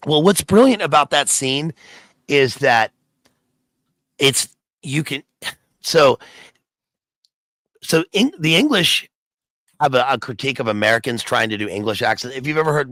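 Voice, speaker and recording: A man's voice: mid-range voice, lively intonation, normal speed, long pauses, a bit bright, no room sound, low-quality recording. A man, a guest on a video stream, chatting casually and musing aloud with many restarts. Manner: rambling, restarts often, muses aloud. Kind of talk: casual chat.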